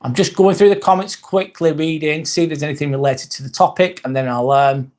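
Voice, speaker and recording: A man's voice: fairly high pitch, brisk, darkish tone. A man with an English accent hosts a motivational livestream, speaking in a casual, reflective way that repeats phrases and swears now and then. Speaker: livestream host.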